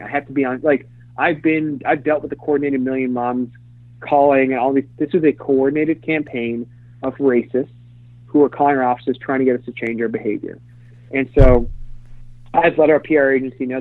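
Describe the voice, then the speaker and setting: A man's voice: medium pitch, no echo. A middle-aged man telling candid stories in a casual interview, rambling with many fillers and restarts. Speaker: interview guest, former publicist. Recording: dry, phone-like lo-fi sound.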